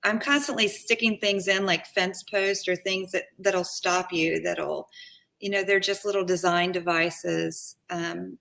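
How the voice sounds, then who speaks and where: Upbeat lady painter guest, bright sharp voice, laughs a lot, says like constantly. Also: lowish voice, fairly even intonation, a little slow, creaky. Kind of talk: casual art talk.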